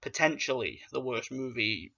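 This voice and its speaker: A man's voice: medium pitch, expressive, normal speed, vocal fry, bright, forceful tone, muffled recording. A man giving a casual, ranting movie review in a blunt, profane and dismissive way.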